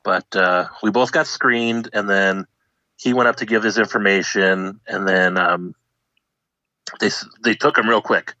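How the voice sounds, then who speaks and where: A man's voice: lowish voice, measured pace, no room sound. A young man telling a funny personal story, acting out the people in it. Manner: animated, acts out voices of people in the story. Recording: dull lo-fi dry recording.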